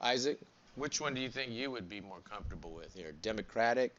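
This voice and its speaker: A man lectures a classroom with a bright, forceful voice, prodding students with quick "what?" and "right?" checks. He talks casually, wandering into jokes and side stories. The recording is dull and lo-fi, as if captured in the back of the room. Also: fairly low pitch, animated, a little hiss or hum. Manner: chatty, digressive, joking asides. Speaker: college instructor.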